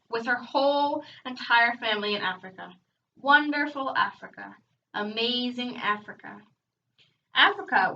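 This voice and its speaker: A woman reading a children's book aloud, expressive, breaking off now and then for casual chatty asides. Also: on the high side, a little hiss or hum. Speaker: reader hosting a read-aloud channel. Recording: dull, distant home recording.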